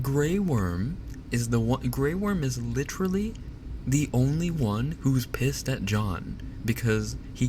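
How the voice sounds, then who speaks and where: Slow-talking exasperated male streamer ranting. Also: mid-range voice, slight background noise. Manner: animated, exasperated ranting with laughs and profanity. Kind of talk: casual ranting chat. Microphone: binaural dummy-head mic.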